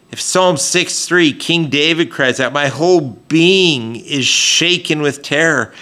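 A man's voice: on the high side, animated, a little slow, sharp tone. A man preaching a sermon in a conversational way, with frequent fillers and restarts as he explains scripture. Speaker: pastor.

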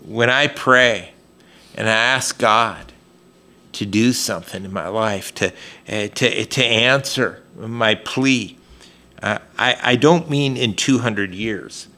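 Male pastor, sermon delivery, unhurried and bright, chatty with restarts. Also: on the low side. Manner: conversational preaching with frequent fillers and restarts.

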